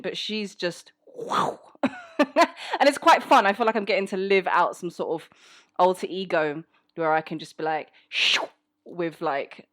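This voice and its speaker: Frank South London woman, thirties, chatty. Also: lowish voice. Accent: South London English. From England. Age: 30s. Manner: frank and outspoken, chatty with frequent ums. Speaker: voice actor answering listener questions. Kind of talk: casual chat. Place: home.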